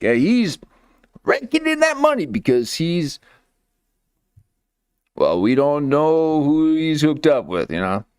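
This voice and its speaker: A hyped man hosts in a mock streamer persona, pitching his voice up and down constantly and tagging his lines with "okay?". His voice sits on the higher side. The sound is close and dry. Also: huge pitch swings, takes it slowly, pauses often, a little mellow, smooth, no echo. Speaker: host of a comedy clip channel. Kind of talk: comedic streamer persona bit.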